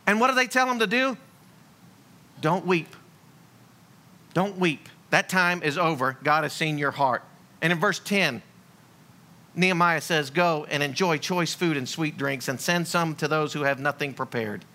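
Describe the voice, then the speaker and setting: A man preaching a sermon in a lively, blunt, joking way. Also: on the high side, moderate pace. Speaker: pastor.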